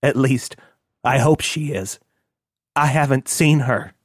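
A man voicing a grown male hacker, eager and a bit odd, quietly wistful, in a dry close recording. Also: medium pitch, slow, slightly rough, no room sound.

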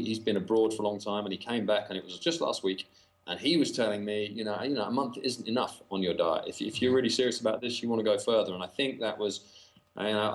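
A Northern English man speaks in a lowish voice as a podcast guest. He talks in halting runs, with fillers and false starts, and slips in dry jokes. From Northern England. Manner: hesitant, many fillers and restarts, dry humor. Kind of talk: casual podcast chat.

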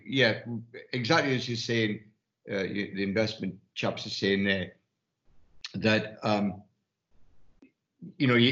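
A man's voice: fairly low pitch, a bit bright, reverberant, lo-fi sound. A man from Newcastle with a Geordie accent, telling rambling anecdotes as an investment firm partner in a casual panel discussion. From Newcastle, England. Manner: rambling anecdotes, many restarts.

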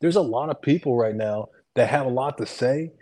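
Podcast co-host guy, casual rambly chat, animated, swears a lot. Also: mid-range voice, moderate pace.

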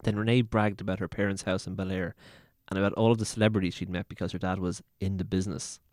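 A man's voice: low-pitched, flat delivery, fast talker, a little mellow, no room sound, clean studio sound. A man casually reading a teen novel aloud in a laid-back way. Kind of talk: casual read-aloud with banter.

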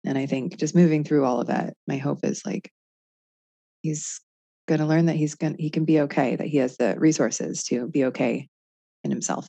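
A woman's voice: sits low, lively intonation, normal speed, mellow, slightly rough, no echo. A woman, likely in her thirties, co-hosting a podcast and talking things through reflectively with many fillers. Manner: reflective, thinks aloud with frequent fillers. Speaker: podcast co-host. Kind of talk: casual conversation.

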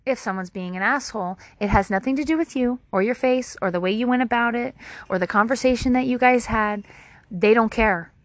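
A woman's voice: fairly high pitch, a little fast, no room sound. A woman talking straight to camera outdoors at her home, giving casual advice in a candid, rambling way and swearing freely. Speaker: vlogger.

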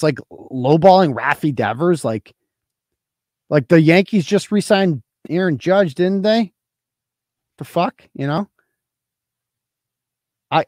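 A man in his forties from Massachusetts hosts a casual livestream, answering chat and drifting into profane, sarcastic rants. His voice sits a bit high for a man and swings widely up and down. The sound is close and dry, with no room around it. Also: darkish tone, no room sound. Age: 40s. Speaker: host.

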